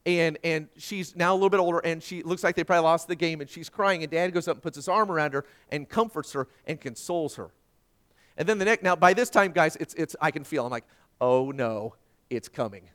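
A middle-aged man preaching a sermon, telling a personal story and swinging from hushed tones to loud emphasis. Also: a little high, fast. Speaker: pastor.

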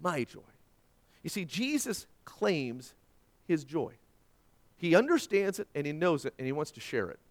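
A man preaching a sermon, telling stories dramatically and repeating words when excited. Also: a little slow, long pauses. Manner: dramatic storytelling with big swings in pitch and loudness. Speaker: pastor.

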